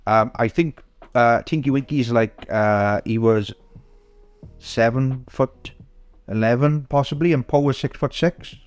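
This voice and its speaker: A man's voice: medium pitch, measured pace, darkish tone, smooth, no echo. Hesitant man in casual podcast chat. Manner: hesitant, lots of ums and restarts. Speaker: podcast co-host.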